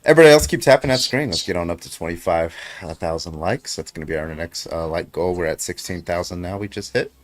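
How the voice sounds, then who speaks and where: A man with a very low voice hosts a casual livestream, chatting loosely with his panel. He keeps calling on viewers with plenty of filler words and the odd swear. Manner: loose and profane, drawn-out calls to viewers with filler "uh"s. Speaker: livestream debate host.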